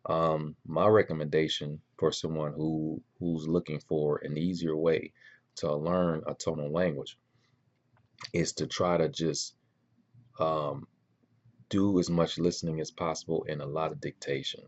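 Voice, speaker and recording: A man giving casual spoken advice on learning languages, relaxed and rambling with many ums and restarts. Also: a bass voice, a little slow, highs cut off.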